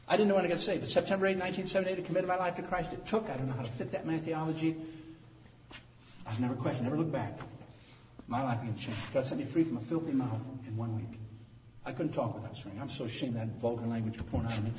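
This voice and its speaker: A pastor in his sixties preaching an animated sermon that swings from quiet talk to loud preaching, recorded in a church. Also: medium pitch, fast, a little hiss or hum. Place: church sanctuary. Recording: echoey hall from far off.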